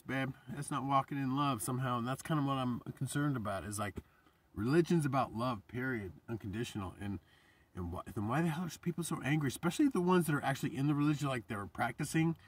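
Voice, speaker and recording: A man talking in a casual, rambling vlog, animated and swearing freely, his voice jumping up when he quotes himself. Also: medium pitch, husky, far from the mic. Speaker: vlogger and painter.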